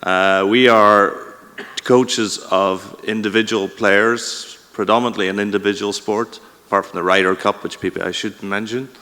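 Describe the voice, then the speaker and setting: Northern irish golf pro, low but bright voice, lots of ums, hall echo. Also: male voice, fairly even intonation, normal speed. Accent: Northern Irish, Americanized. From Northern Ireland. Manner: hesitant, many ums. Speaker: golf pro asking a question. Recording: roomy hall reverb.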